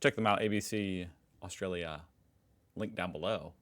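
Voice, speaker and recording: A man's voice: low-pitched, moderate pace, a bit bright. An American man hosting a reaction video, chatting casually with jokey, self-mocking asides. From United States.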